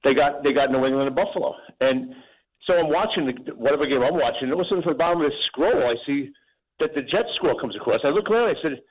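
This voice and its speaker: A man's voice: a little high, animated, fast talker. A middle-aged man calling in to a sports radio show, rambling and repeating words as he restarts his sentences. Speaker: caller. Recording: tinny phone line.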